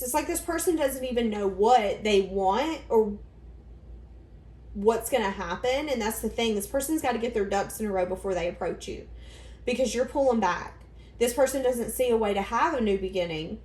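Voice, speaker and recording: A woman's voice: fairly high pitch, darkish tone. A woman giving a casual tarot reading, rambling and thinking aloud as she goes. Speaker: tarot reader. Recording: echoey room.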